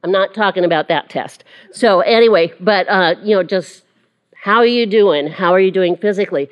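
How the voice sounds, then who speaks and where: A woman with a mid-pitched voice teaches a Bible study class. She talks in a casual, chatty way and is quick to poke fun at herself. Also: muffled recording. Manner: chatty and self-deprecating, laughing often.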